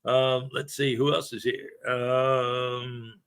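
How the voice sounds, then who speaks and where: Taking things slowly, a livestream host banters with his audience, joking around and welcoming viewers by name. His voice is medium-pitched, level, fairly bright, and smooth.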